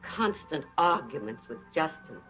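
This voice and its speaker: An actress playing a stern wife who speaks in a cold, measured way in an 1980s TV soap. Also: female voice, deep voice, very animated, fairly bright tone, soft background music, exaggerated voice, low-quality recording. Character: stern woman, protective wife.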